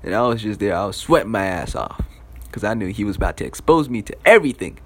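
Young guy, casual profane storyteller, lots of "you know" and "like", swinging pitch. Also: very animated, fast talker, husky. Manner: loose, profane, filler-heavy.

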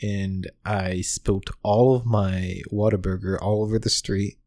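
A man's voice: on the low side, steady tone, a little slow, darkish tone, no echo, studio quality. A young man sheepishly recounting his own drunken mishap on a podcast, laughing at himself. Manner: sheepish, self-mocking, laughing. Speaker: podcast co-host. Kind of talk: casual storytelling chat.

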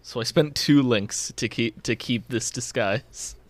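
A man's voice: mid-range voice, measured pace, no echo. A man playing in a tabletop game, chatting casually with a dry, joking manner. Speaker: player.

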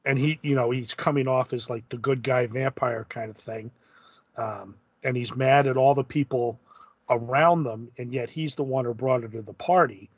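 A man's voice: mid-range voice, normal speed, slightly rough, no room sound. Thoughtful man, dull lo-fi sound. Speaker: podcast co-host. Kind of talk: casual chat about a comic book.

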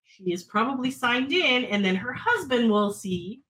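A woman co-hosting a casual podcast, telling a story in an animated, dramatic way. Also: a little high, moderate pace, poor audio. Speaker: podcast co-host. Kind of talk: casual chat.

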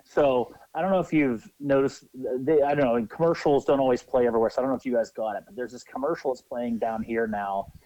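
A man co-hosting a podcast, telling crude anecdotes in an animated, profane way. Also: mid-range voice, fast talker, hardly any pauses, no echo, dull audio. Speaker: podcast co-host. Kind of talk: crude casual storytelling.

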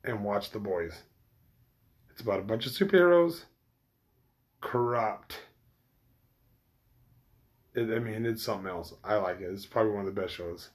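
A man's voice: lowish voice, moderate pace, pauses often. A man chatting casually to his viewers, rambling, swearing freely and restarting his sentences often. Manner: rambling, loose and profane, with many restarts. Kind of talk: casual chat.

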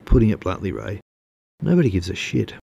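A man's voice: low-pitched, wildly swooping pitch, brisk, vocal fry, dark tone, muffled recording, slight background noise, full character voice. A man voicing a smug male magazine editor who lectures a writer over the phone. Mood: smug lecturing.

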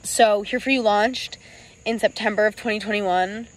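A woman's voice: medium pitch, fairly even intonation, low-quality recording. Earnest young woman near tears. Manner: earnest, halting, close to tears; frequent ums and restarts. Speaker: clothing brand founder. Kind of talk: personal storytelling vlog.

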